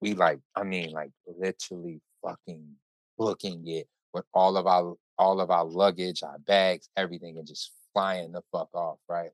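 A man hosting a podcast, telling a story in casual chat with animated, profane, run-on delivery. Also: low-pitched, normal speed, no echo. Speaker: podcast host.

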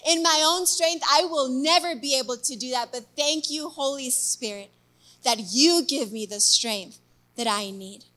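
A woman preaching a sermon, telling a personal story in a lively, chatty way and checking in with listeners. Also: high-pitched, a little slow. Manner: animated, chatty, asks the crowd with "okay?" and "guys".

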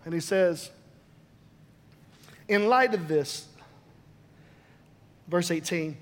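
A man with a strikingly high voice preaches a sermon. He drives his points home with emphatic repeated phrases. His voice rings through the long reverb of a large church hall. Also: very slow. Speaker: pastor.

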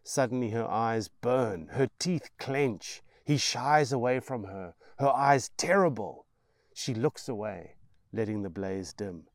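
A male author reads his novel aloud in a slow, deliberate voice with a gravelly edge. His delivery is intense and expressive, rising and falling dramatically over a dry, close sound. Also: mid-range voice, no room sound. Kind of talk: dramatic audiobook narration.

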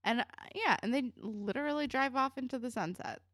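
A woman co-hosts a podcast, chatting about a TV episode in a casual, joking way. Her voice sits fairly high and swings up and down a lot. The recording is dry and close. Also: a little fast, dry recording. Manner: chatty, animated, swears, laughs while talking. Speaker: podcast co-host. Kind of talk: casual chat recapping a TV episode.

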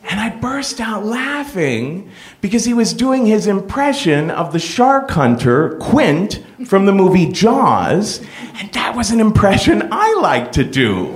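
A middle-aged man hosting a podcast, telling a personal story in a playful, animated way. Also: sits high, measured pace. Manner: animated, playful, full of impressions. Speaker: podcast host.

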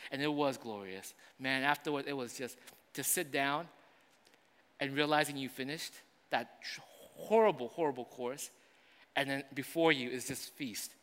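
Bright-voiced pastor preaching in a hall. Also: male voice, medium pitch, moderate pace. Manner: swings between loud preaching and quiet, conversational asides. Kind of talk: sermon.

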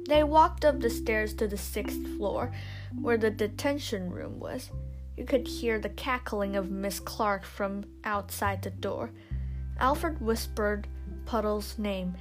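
A woman reads a children's story aloud in a slow, unhurried way, her voice at a middle pitch. Instrumental music plays clearly behind her. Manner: slow, measured reading.

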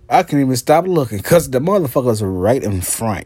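A man's voice: mid-range voice, animated, moderate pace, hardly any pauses, a little mellow, breathy edge, dry recording. A man hosting his own podcast in a brash, profane, gossipy monologue, laughing often. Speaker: podcast host. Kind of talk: casual monologue.

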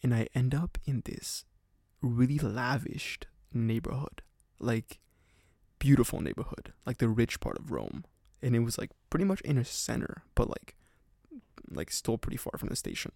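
Rambling young man with a gravelly voice. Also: mid-range voice, very animated, normal speed, darkish tone, no room sound, studio quality. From Canada. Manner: rambling, heavy on "like" fillers, laughs often. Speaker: podcast host. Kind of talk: casual storytelling podcast.

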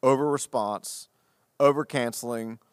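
Animated storytelling pastor, dry close mic. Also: male voice, mid-range voice, unhurried, clean tone, no echo. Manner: animated and self-deprecating, acting out the dialogue. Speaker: pastor and podcast co-host. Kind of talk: casual conversational storytelling.

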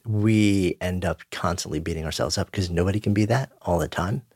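A man hosting an interview, thoughtful, building his points slowly and reflectively. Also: deep voice, darkish tone, slightly rough, no room sound, studio quality. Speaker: podcast host. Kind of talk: conversational interview.

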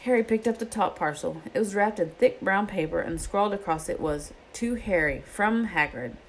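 A woman's voice: medium pitch, normal speed, slight background noise, poor audio. A woman reading a children's novel aloud and acting out the characters' lines in her own voice. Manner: reads with lively character voices. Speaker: reader.

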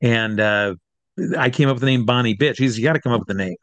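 A man's voice: mid-range voice, fast, a bit bright, dry recording. A man, a drag comedian and variety entertainer, tells his showbiz story in a casual interview. He rambles and hesitates before names, often tacking "and all" onto the end of his sentences.

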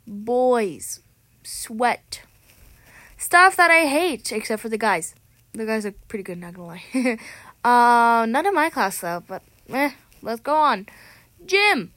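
A woman's voice: on the high side, big pitch swings, slow pace, long pauses, fairly bright tone, no echo. A teenage girl ranting casually to camera as a vlogger, dramatic and sarcastic, often correcting herself mid-sentence, recorded on a tablet microphone. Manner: chatty, dramatic and sarcastic, with frequent self-corrections.

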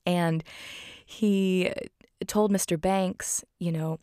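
A woman's voice: lowish voice, little pitch movement, takes it slowly, creaky, a little mellow, no room sound, studio quality. A woman recapping a film in casual talk, heartfelt and rambling with many fillers. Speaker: film reviewer.

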